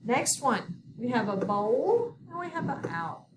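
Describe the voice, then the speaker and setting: Slow, patient woman teaching phonics. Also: fairly high pitch, big pitch swings. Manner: slow, patient, instructive with repeated prompts. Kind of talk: recorded video lesson. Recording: distant mic with background noise.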